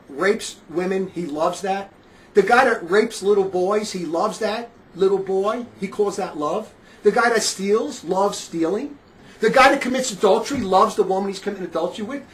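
A man from northern New Jersey, a street preacher, talking in a rambling, emphatic monologue that keeps repeating itself and swells into loud outbursts. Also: sits high, low-quality recording. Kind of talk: casual spoken monologue.

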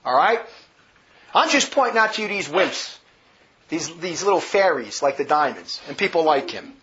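A man's voice: on the high side, very animated, normal speed, fairly bright tone, slight background noise. A man giving a vehement, combative religious monologue with heavy emphasis, on a dull lo-fi recording. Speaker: religious commentator. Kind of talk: polemical monologue.

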